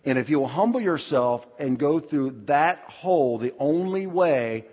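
Emphatic pastor in a reverberant hall. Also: male voice, on the high side, lively intonation, a little slow. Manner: emphatic, with sudden loud shouted lines. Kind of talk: sermon. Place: large church hall. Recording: dull audio with long hall reverb.

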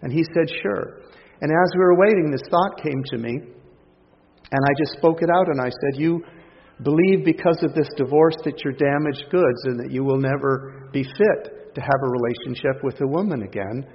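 A man preaching a sermon, telling a story with lots of quoted dialogue in an animated way. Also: fairly high pitch. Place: church hall. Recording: dull lo-fi recording with long hall reverb.

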